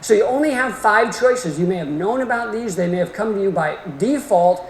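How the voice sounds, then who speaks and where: A middle-aged orthodontic lecturer gives a continuing-education lecture in a lecture hall, folksy and emphatic in manner. His voice is high with lively intonation at normal speed. The echoey hall carries faint room noise.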